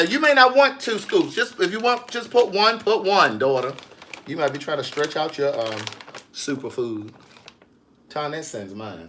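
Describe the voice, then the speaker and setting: A vlogger and writer talks his way through a how-to in his own kitchen, teasing and sassy, addressing the viewer as niece and girl. He has a fairly high, pushed, bright voice, with slight background noise present.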